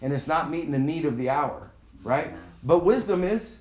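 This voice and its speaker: A man's voice: a little high, expressive, moderate pace, darkish tone. A man preaching a sermon in a loose conversational way, often having the congregation repeat words back to him. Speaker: pastor. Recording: echoey room.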